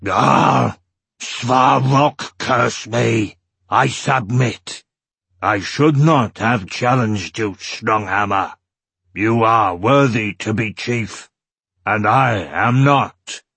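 A man voicing a huge, proud, stubborn horned warrior in a storybook reading, speaking in a low rumbling mutter. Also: very slow, a bit bright, husky, dry recording, heavily acted. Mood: loud defeated.

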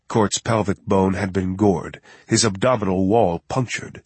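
Deep husky male audiobook narrator. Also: no echo. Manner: measured, grave, steady. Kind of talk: scripted narration.

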